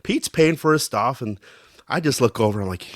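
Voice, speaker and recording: A man co-hosting a casual podcast, telling joking stories with sudden loud bursts when he quotes himself. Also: mid-range voice, lively intonation, moderate pace, no room sound, clean studio sound. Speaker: podcast co-host. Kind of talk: casual storytelling chat.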